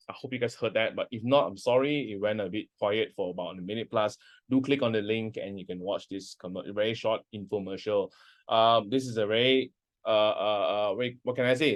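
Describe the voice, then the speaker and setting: A man lecturing a university class in a loose, conversational way. He often stops mid-sentence and starts over. His voice sits a little on the low side.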